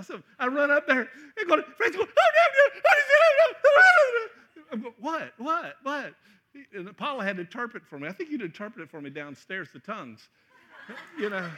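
Man, middle-aged, sermon, joking, high voice, sharp tone. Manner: animated, joking, acts out voices with loud shouts. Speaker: pastor.

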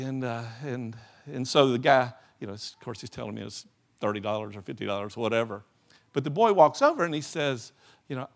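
A man preaching a sermon, telling stories in a rambling, animated way and often restarting his sentences. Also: medium pitch, a little fast, vocal fry. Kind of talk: sermon with storytelling.

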